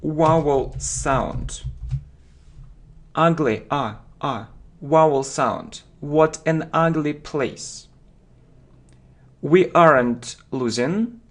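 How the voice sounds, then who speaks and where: A man teaching English vocabulary to learners, speaking slowly and deliberately, repeating each word so students can follow. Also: on the high side, a bit bright. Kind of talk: slow vocabulary lesson for learners.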